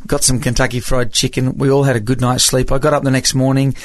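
A man's voice: medium pitch, little pitch movement, fast, no room sound. A middle-aged Australian man with a slight American tinge to his accent, a music evangelist telling stories in an interview, chatty and full of restarts. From Papua New Guinea. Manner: chatty, hesitant restarts, laughs while telling. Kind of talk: storytelling interview.

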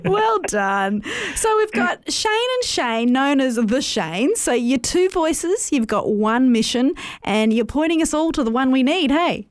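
A woman's voice: sits high, big pitch swings, measured pace, no room sound. A woman co-hosting a live radio interview, speaking as an encouraging interviewer. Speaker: radio co-host.

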